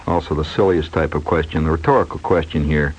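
A man's voice: extremely low pitch, fairly even intonation, fast talker, a little hiss or hum. A man hosting a rambling radio monologue from a studio, a wry storyteller musing aloud with asides and fillers, heard on a dull lo-fi old broadcast. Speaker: radio host.

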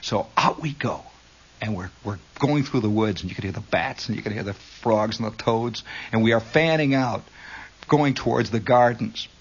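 A man telling a rambling, humorous story from his youth, with frequent asides and acted-out shouts. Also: fairly low pitch, moderate pace, slightly rough, muffled recording. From Indiana. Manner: animated, rambling, shouts and laughs for effect.

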